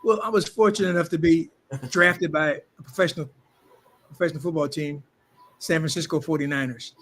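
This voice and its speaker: In an animated interview, an older man who once played football and acted tells boastful stories, acting out what other people said. His voice is a little high, fairly quick, a bit bright, and fairly even in intonation.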